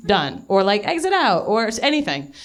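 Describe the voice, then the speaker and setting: A woman's voice: medium pitch, sing-song, normal speed. A young woman doing live stand-up, telling a rambling, self-mocking story full of swearing and laughter, a little out of breath. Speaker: stand-up comedian. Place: live comedy venue.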